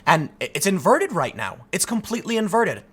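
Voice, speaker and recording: A man hosting a commentary show, ranting to his audience in an emphatic, animated way. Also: high-pitched, a little fast, breathy edge. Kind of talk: opinion rant to camera.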